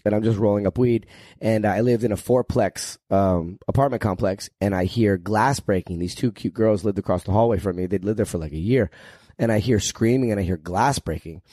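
A man's voice: fairly low pitch, a little fast, mellow, no echo, studio quality. A man who is a podcast guest, telling stories in a casual, crude and joking way and swearing freely. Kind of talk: casual storytelling.

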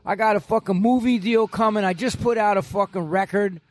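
A man's voice: high voice, brisk, dry recording. A man, telling stories as a guest in an aggressive, profane, boastful way. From New York. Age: 60s. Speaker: podcast guest. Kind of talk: profane storytelling in an interview.

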